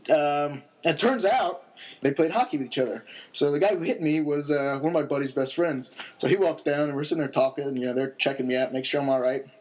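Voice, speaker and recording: A man's voice: on the high side, fast talker, a little mellow. Laid-back young man telling a story. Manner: laid-back, rambling with many fillers and chuckles. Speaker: podcast storyteller. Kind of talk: casual storytelling.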